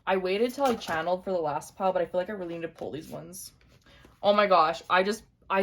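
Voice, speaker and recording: A young woman giving an intuitive tarot reading to camera, speaking gently and repeating her points straight to the viewer. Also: fairly low pitch, quick pace. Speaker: tarot reader.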